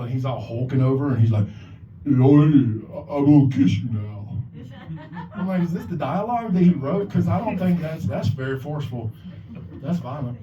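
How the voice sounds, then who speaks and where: With a fairly high, mellow voice, a man emcees an open mic from a bar or club stage, rambling and swearing heavily as he mimics the people he quotes. The sound is lo-fi and echoey, captured at a distance, with a slight hiss or hum.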